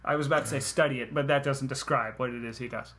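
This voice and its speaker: A man co-hosting a casual movie review chat, sarcastic and quick to act out lines from the film in put-on voices. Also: medium pitch, steady tone, a bit bright. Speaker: podcast co-host.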